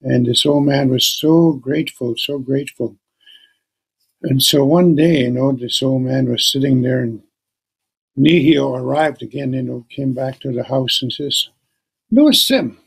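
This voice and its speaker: A middle-aged man telling a traditional story in an unhurried, conversational way. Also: mid-range voice, fairly even intonation, vocal fry, breathy edge. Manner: unhurried, conversational, with many you-knows. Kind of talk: oral storytelling.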